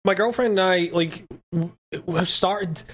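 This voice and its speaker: Young man, casual rambling chat, lots of fillers, higher-pitched voice. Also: a bit bright. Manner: rambling, halting, many fillers and swearing.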